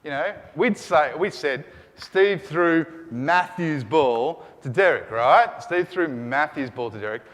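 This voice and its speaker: Slow and fairly high-pitched, a man's voice fills a big room during a Greek grammar class. He keeps the students answering back in an energetic call-and-response drill that rises to shouts.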